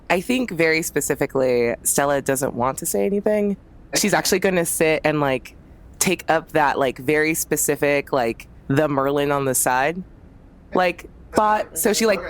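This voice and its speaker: Give me a chatty woman describing her character's actions, very low-pitched. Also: a little hiss or hum. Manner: casual, filler-heavy, laughing. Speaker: player. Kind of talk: tabletop role-play chat.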